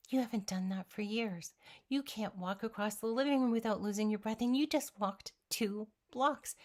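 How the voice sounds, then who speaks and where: A woman's voice: mid-range voice, normal speed, a little mellow. A woman vlogger giving an earnest, emphatic motivational talk straight to the viewer. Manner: speaks directly to the viewer. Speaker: weight-loss vlogger.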